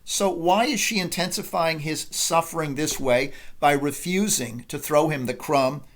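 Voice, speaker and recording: A man giving a deliberate, analytical literature lecture as a professor. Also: fairly high pitch.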